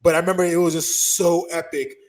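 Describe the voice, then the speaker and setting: High-voiced man telling a rowdy story. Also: level tone, fast, rough recording. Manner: swearing, acts out the people in his story with loud shouts and laughs. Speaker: interview guest, former wrestler. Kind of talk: animated storytelling.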